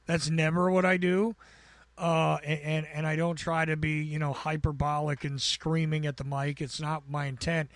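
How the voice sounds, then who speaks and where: An American man with a raspy, buzzing voice sits in on a podcast, pitched somewhat high for a man. He rambles and pokes fun at himself, stumbling over restarts. The sound is dry and close. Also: little pitch movement, normal speed, no echo. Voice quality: gravelly, buzzing voice. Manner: rambling, self-deprecating, with stammered restarts. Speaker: podcast guest. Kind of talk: casual chat.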